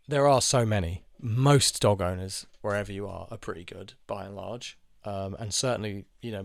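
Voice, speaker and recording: A man's voice: on the low side, gravelly, dry recording, studio quality. A young man telling a personal story in a casual monologue, rambling and frank, with lots of fillers, restarts and swearing. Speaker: channel host telling personal stories.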